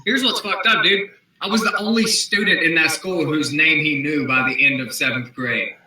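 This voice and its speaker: A man in his twenties telling rowdy, profane stories in a casual, animated way, heard through a laptop mic. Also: a little high, normal speed, far from the mic. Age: 20s. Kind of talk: casual storytelling. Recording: echoey room, off-mic laptop.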